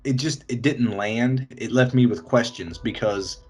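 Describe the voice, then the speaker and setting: A man co-hosting a podcast, giving relaxed, wry opinions about a movie over beer. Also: medium pitch, unhurried, breathy edge, faint music behind. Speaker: podcast co-host.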